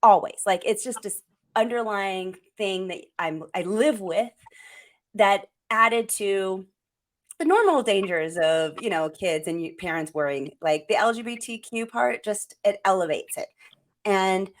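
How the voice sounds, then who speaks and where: A woman's voice: medium pitch, expressive, measured pace. Reflective middle-aged woman hosting a parenting talk. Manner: reflective, thinking aloud. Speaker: parenting show host. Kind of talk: conversational podcast talk.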